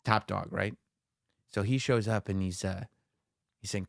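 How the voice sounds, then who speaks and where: Man, low register, podcast co-host; animated retelling, dry close-mic sound. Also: vocal fry, dry recording. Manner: animated storyteller, acts out quotes with dramatic pauses. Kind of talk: casual podcast chat, excitedly retelling a wrestling show.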